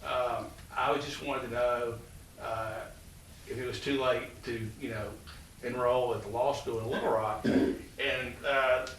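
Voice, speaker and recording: A man in his sixties, president of a college, unhurriedly tells rambling stories laced with fillers to an audience. His medium-pitched voice is a bit bright and keeps a steady tone. The room echoes, the mic sits far away, and there's faint noise.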